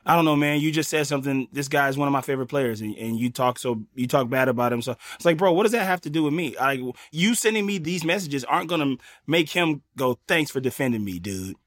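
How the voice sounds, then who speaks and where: A man's voice: on the high side, fast, hardly any pauses, fairly bright tone, no echo, clean studio sound. A man, a guest comedian, in casual chat, talking animatedly in a mocking, playfully ranting way.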